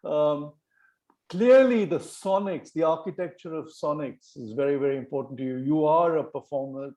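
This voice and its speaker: Effusive man hosting poets, mellow voice. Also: a little high, moderate pace, dull audio. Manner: effusive, rambling questions with many restarts. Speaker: host of a poetry reading series. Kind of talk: interviewing a poet. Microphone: video call.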